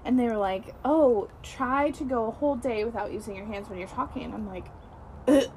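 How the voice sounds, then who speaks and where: A woman with a high, bright-sounding pitch chats as a podcast host, talking with her whole self and leaning hard on her words. She jumps in with quick reactions and agreement. Faint background noise sits under her voice. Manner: expressive, emphatic, quick to react. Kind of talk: casual chat.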